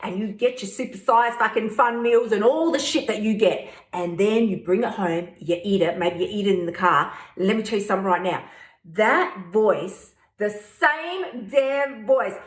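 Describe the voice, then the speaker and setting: A woman's voice: a little high, measured pace. A woman hosting a weight-loss coaching podcast, blunt, profane and fired-up. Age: 50s. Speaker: host. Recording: roomy echo.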